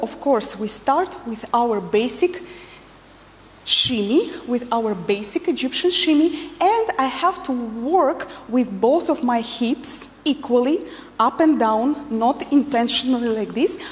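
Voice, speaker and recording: High, lively woman teaching dance. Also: a little slow. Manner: counts beats and gives instructions. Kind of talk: instructional dance class. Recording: long reverb with faint music.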